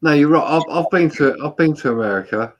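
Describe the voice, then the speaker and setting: A man's voice: on the high side, a little fast, lo-fi sound. A man from England hosting a casual live chat, chatty and telling stories, sometimes quoting other people in voices. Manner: chatty, storytelling with quoted voices.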